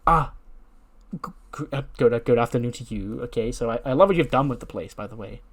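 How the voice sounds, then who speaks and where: A man's voice: medium pitch, fast, lightly acted. A man voicing a flustered female wrestler who stammers nervously and pushes her case. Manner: stammering, nervous, then pushy.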